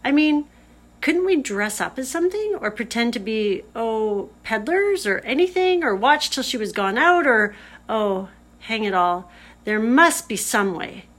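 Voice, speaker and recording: A woman's voice: fairly high pitch, lively intonation, a little slow, a bit bright. A woman reading aloud, voicing an eager, impulsive boy who speaks in urgent, tumbling phrases. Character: eager, impulsive boy, earnest older brother.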